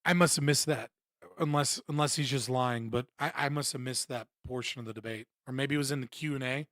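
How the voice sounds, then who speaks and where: A man's voice: medium pitch, a little fast, no room sound, clean studio sound. A young man live-streaming his reactions, ranting bluntly and mockingly with lots of swearing. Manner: blunt, profane, mocking, animated rants. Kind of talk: casual live-stream commentary.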